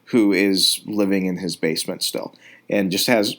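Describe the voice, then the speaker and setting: A man's voice: deep voice, steady tone, moderate pace, fairly bright tone. A man hosting a podcast, giving earnest, rambling commentary with frequent restarts. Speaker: podcast host. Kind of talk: casual reaction commentary.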